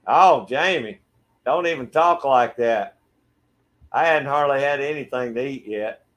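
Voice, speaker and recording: A middle-aged man from Georgia with a Southern accent, hosting a relaxed livestream and greeting viewers by name. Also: mid-range voice, measured pace, muffled recording. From Georgia, USA. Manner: friendly, laid-back, greets viewers by name. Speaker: livestream host. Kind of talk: casual chat reading viewer comments. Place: backyard shed.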